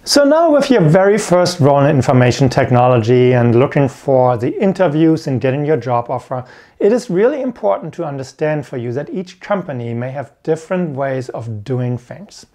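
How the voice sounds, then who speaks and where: A man's voice: medium pitch, sing-song, normal speed, dark tone. Earnest man coaching on IT careers. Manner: earnest, repeats key points. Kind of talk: instructional video talk.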